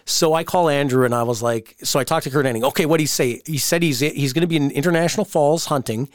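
Animated storytelling man, dry close sound. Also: a little high, quick pace, dry recording. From Canada. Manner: animated storyteller acting out quoted voices. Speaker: podcast host, wrestling promoter. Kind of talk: casual storytelling chat.

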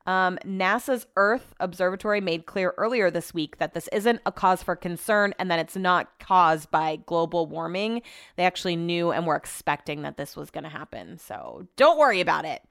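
A woman's voice: lowish voice, expressive, moderate pace, creaky, fairly bright tone, no room sound, studio quality. A woman hosting a podcast from her home office, chatting casually about news and her day, swearing now and then and tripping over her words. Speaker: podcast host. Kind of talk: casual news chat and personal update. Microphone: podcast microphone in home office.

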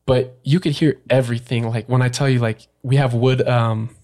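A young man recounts an old experience as a podcast guest. He speaks at an everyday middle pitch, loose and casual, and his sentences keep stopping and restarting around little fillers. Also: fairly even intonation, darkish tone. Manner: halting, full of "like" and restarts. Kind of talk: storytelling in a casual interview.

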